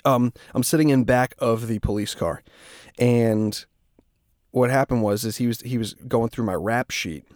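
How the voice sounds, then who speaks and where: A man's voice: medium pitch, unhurried, darkish tone, no echo, studio quality. A young man from Massachusetts hosting a podcast, telling a story in casual, rambling, profane talk. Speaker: podcast host.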